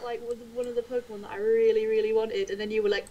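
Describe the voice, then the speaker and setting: A woman player on a casual game stream, speaking in a fairly high voice. She giggles a lot and gets animated and emotional as she tells stories. A faint hiss sits under her voice. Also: brisk, dull audio. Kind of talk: casual livestream chat.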